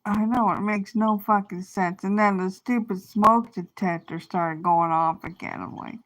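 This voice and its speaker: A woman's voice: medium pitch, fairly even intonation, measured pace, fairly bright tone. A woman livestreaming an angry, rambling rant full of swearing, trailing off and restarting her thoughts. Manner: profane, rambling, venting with frequent restarts.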